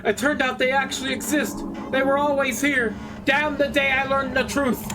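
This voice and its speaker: A man's voice: very high voice, moderate pace, recorded from a distance, pitched above the performer's own voice. A man voicing the desperate brain of a man trapped inside a machine, begging in an anguished, pleading way. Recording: steady background noise.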